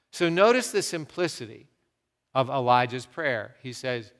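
A man preaching a sermon, telling stories with animated swings from loud to hushed. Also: medium pitch, a little slow, in a large hall. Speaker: pastor.

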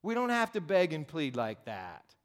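Pastor guy, kinda high voice, chatty direct sermon, repeats stuff for emphasis. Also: wildly swooping pitch, moderate pace. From United States. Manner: direct, conversational preaching with emphatic repetition.

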